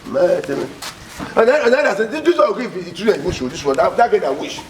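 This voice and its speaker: A Nigerian man plays an excitable, suspicious man in a homemade family film. He speaks quickly in a raised voice and keeps repeating himself, mixing in pidgin. The mic sits far off in an echoey room with noise behind. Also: sits high. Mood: agitated. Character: suspicious agitated man accusing a woman of witchcraft. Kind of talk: Nollywood film acting.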